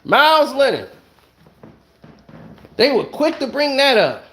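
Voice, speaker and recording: High-voiced man ranting angrily. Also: huge pitch swings, slow pace, long pauses, fairly bright tone. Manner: angry, blunt, rhetorical questions. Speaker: online commentator. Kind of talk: heated solo commentary rant. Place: at home.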